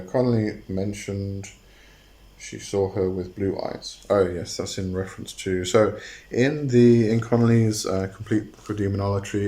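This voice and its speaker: Low-voiced man hosting a casual talk. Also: warm tone. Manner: hesitant, many fillers and restarts. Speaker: host.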